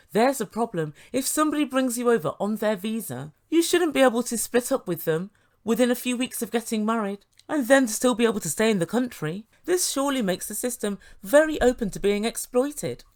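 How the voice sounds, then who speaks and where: A woman giving sarcastic commentary on a reality TV show as a reviewer. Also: on the high side. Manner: sarcastic, mimics the people she quotes.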